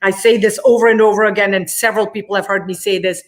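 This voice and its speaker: A woman gives an interview as the guest. She speaks passionately, stresses her points and repeats words to drive them home. Her voice sits at an ordinary middle pitch. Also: steady tone, fast. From India. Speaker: guest, immigration attorney.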